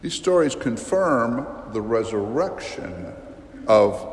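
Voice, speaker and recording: Priest, male, unhurried sermon delivery, vivid and emphatic, big church reverb. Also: mid-range voice, sing-song. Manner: slow, emphatic, vivid storytelling with sudden rises. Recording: long reverb of a large church.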